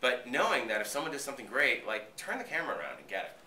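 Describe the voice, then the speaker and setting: A man's voice: mid-range voice, wildly swooping pitch, quick pace, very noisy. A man from Boston, an actor being interviewed, telling behind-the-scenes stories in a casual, profane way and acting out what others said. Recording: roomy echo, voice from a distance.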